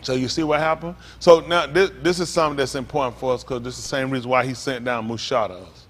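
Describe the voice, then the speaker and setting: Preaching pastor with speech. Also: male voice, medium pitch, steady tone. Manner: call-and-response preaching, rising to emphatic exclaims; reads scripture aloud slowly between comments. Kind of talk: sermon.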